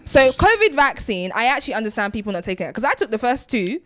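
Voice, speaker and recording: A woman's voice: fairly high pitch, very animated, fast, fairly bright tone, dry recording. A woman co-hosting a podcast, from Nigeria and Britain, talking in an emphatic casual way with a lot of "like", her accent sliding toward Nigerian when she gets passionate. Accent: British with Nigerian lilt when passionate. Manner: emphatic, fillers of "like". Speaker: podcast co-host. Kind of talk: casual chat.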